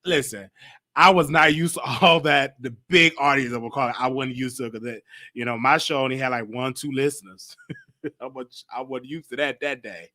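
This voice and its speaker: A man's voice: mid-range voice, steady tone, moderate pace, sharp tone. A male show host reflecting casually and rambling a little, often restarting his sentences. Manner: rambling, self-correcting, reads viewer comments aloud. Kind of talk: casual commentary on an old broadcast.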